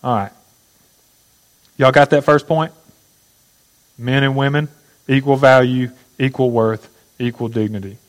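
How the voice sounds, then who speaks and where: A man gives a teaching sermon with a mid-pitched voice. He explains points slowly and often puts questions to his listeners. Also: steady tone, rough recording. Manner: teaching, asks the audience questions. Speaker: pastor.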